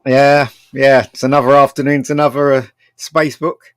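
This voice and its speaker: A man's voice: mid-range voice, flat delivery, normal speed, clear, resonant tone, no echo. A man, a filmmaker on the panel, chatting casually, laughing easily and trailing off in short replies. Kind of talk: casual chat.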